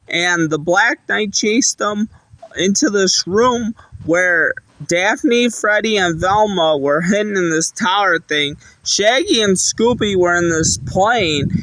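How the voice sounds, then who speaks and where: A man with a fairly high voice retells a cartoon episode in unhurried, rambling fashion. He strings events together plainly, one after another. The sound is close and dry, with no room around it. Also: bright, forceful tone, no echo, poor audio. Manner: rambling, plain storytelling with many "and" links.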